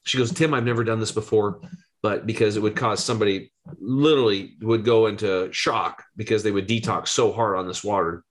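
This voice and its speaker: A man in his forties, a health coach, telling an animated story in an interview and acting out the voices he quotes. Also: lowish voice. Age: 40s. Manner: excitable, rapid, acts out quoted voices.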